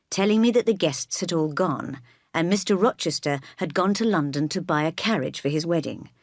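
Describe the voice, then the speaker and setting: A woman reading a story aloud in calm, even scripted narration. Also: lowish voice, dry recording, clean studio sound. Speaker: audiobook reader.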